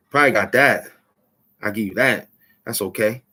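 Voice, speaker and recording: A man's voice: on the low side, moderate pace, long pauses, pushed and bright. A man hosting his own channel, taunting and boasting in a rambling trash-talk rant. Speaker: channel host. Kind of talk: trash-talking rant at the camera.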